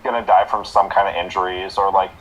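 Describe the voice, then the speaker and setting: A man co-hosting a podcast in casual chat, halting with restarts and the odd swear. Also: low-pitched, level tone, a crowd in the background, low-quality recording. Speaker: podcast co-host.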